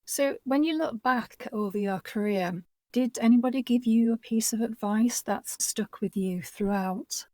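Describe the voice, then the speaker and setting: A woman's voice: a little high, measured pace, dark tone, dry recording. A woman interviewing a guest, asking questions and encouraging her with frequent murmurs of agreement. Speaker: interviewer, career coach.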